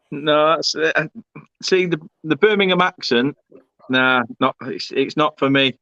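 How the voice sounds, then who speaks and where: A man hosts a live football chat in an easygoing way, reading out viewer comments. His voice sits a little high, and the sound is dull and dry, like a modest webcam mic. The pace stays relaxed and conversational. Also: measured pace, no room sound. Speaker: host. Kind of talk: hosting a live football show.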